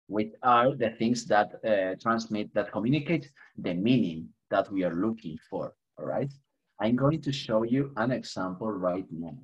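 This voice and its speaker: A man's voice: lowish voice, husky, lo-fi sound. A man from Spain, a native Spanish speaker with a Spanish accent, teaching an online English class, mixing both languages and chuckling now and then. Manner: switches between English and Spanish, chuckles often, light humor.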